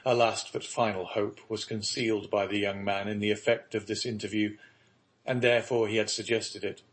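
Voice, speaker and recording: A man reading a classic novel aloud as an audiobook narrator, in a formal, even manner. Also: lowish voice, moderate pace. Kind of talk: scripted narration.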